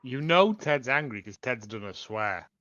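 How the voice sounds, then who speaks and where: A man's voice: medium pitch, expressive, unhurried, a bit bright, no room sound, dull audio. A man in a casual review chat, thoughtful and wry as he weighs in.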